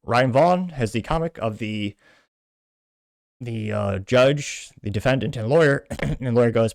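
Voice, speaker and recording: A man's voice: mid-range voice, unhurried, gravelly, dry recording. Dry-voiced man reading posts wryly. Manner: wry, quotes posts in a mocking tone. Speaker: commentary show host. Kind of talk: reading and commenting on social media posts.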